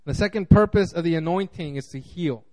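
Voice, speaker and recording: A man pastor giving a casual, conversational sermon, animated and acting out quotes, with frequent restarts. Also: fairly high pitch, fairly quick.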